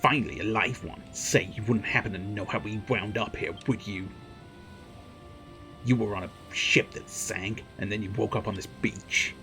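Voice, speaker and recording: A man's voice: on the low side, normal speed, sharp tone, soft background music. A man reading out a brash young male warrior companion from a video game, with a cocky, blunt way of talking. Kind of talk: reading game dialogue aloud.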